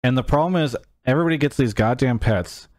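A man's voice: medium pitch, fast, darkish tone, dry recording, clean studio sound. A man hosting a podcast, wrapping up the show with wry, teasing, mock-exasperated banter. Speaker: podcast host. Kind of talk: casual show wrap-up chat.

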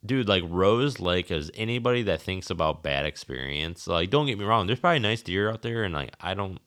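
A man's voice: deep voice, lively intonation, brisk, fairly bright tone. A man co-hosting a podcast, chatting casually and swearing freely. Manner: laid-back, swears, acts out his own reactions. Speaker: podcast co-host.

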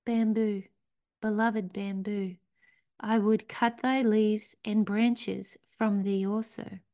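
A grave, loving male master of a garden from a storybook parable, voiced by a woman. He speaks slowly and solemnly in archaic phrases. At times his lines fall to a low whisper. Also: level tone, warm tone.

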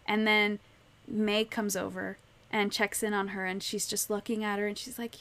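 A woman's voice: mid-range voice, little pitch movement, moderate pace, few pauses, fairly bright tone. A woman co-hosting a casual podcast chat, retelling a story and acting out the characters' lines. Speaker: podcast co-host.

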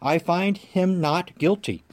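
Man reader doing an uneasy Roman governor in a scripture reading, slightly high, earnest. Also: a little mellow. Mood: insistent. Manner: earnest, measured reading of quoted lines.

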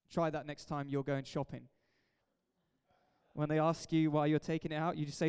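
A man's voice: on the high side, level tone, moderate pace, long pauses, darkish tone, smooth. A man, a pastor preaching an emphatic, jokey sermon in a church hall. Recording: echoey hall reverb.

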